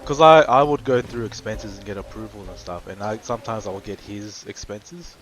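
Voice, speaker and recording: A man's voice: on the low side, fairly quick, a little hiss or hum. Laid-back storytelling man. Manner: laughing storyteller, swears freely in quoted asides. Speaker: streamer. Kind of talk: casual chat.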